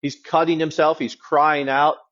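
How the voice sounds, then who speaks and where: A man's voice: on the high side, flat delivery, a little slow, a bit bright. A man preaching a sermon as a pastor, in a conversational, wry teaching tone. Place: church. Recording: dull lo-fi sound.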